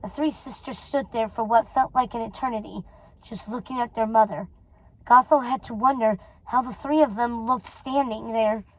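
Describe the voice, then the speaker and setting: A woman reading a storybook chapter aloud in a steady, dramatic way. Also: a little high, moderate pace, rough recording. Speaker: reader.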